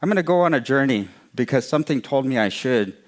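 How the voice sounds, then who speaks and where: A man's voice: medium pitch, lively intonation, quick pace, close to an everyday voice. A man voicing a small, timid, curious male mouse who asks earnest, wondering questions in a traditional story.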